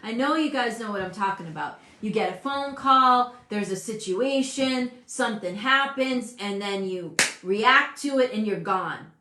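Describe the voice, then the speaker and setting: A woman in her fifties hosting a casual motivational talk, animated and emphatic, often breaking off mid-sentence. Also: medium pitch, measured pace, hardly any pauses, slight background noise. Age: 50s. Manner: animated, emphatic, self-interrupting. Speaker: host. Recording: echoey room.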